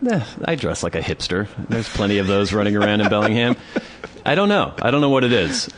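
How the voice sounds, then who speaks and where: A man's voice: fairly low pitch, fairly quick. A man co-hosting a podcast, telling a story in casual chat and acting out other people's voices. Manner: animated storyteller, acts out voices. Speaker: podcast co-host.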